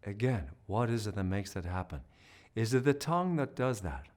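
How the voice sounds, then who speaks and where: A man's voice: fairly low pitch, very animated, normal speed, darkish tone. A man teaching a singing lesson, coaching and demonstrating vocal sounds and sung notes, with encouraging talk.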